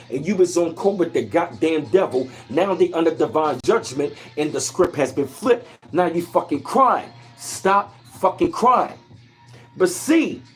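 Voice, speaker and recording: A man's voice: high voice, slightly rough. Fiery, preachy man ranting on a livestream. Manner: fiery, preachy, repetitive, profane. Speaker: livestream host.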